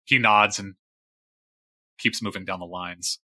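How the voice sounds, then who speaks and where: A man narrating a tabletop role-playing game as game master, in a relaxed, halting way. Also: deep voice, dry recording.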